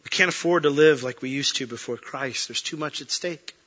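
A man preaching a sermon as a pastor, earnest, swinging between emphatic peaks and soft, quiet moments. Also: mid-range voice, fairly quick, muffled recording.

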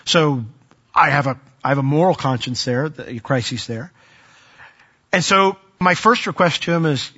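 A man's voice: mid-range voice, fairly bright tone, slightly rough, highs cut off. A man preaching a sermon in an earnest, conversational way with emphatic rises.

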